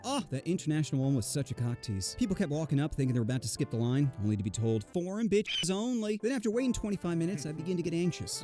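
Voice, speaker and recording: A man with a fairly high voice rattles off a crude comedy story at a quick clip, swinging his pitch all over the place. He bursts into mock-outraged squeals and sly asides. Faint music sits under the voice. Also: warm tone. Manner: brash, exaggerated, mock-outraged voices in quotes. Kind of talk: scripted comedic narration.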